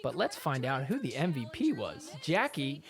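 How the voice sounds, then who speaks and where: A man's voice: medium pitch, wildly swooping pitch, moderate pace, gravelly, loud music behind the voice. A man hosting a podcast, casually recapping sports clips with a sarcastic, chatty manner. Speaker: podcast host.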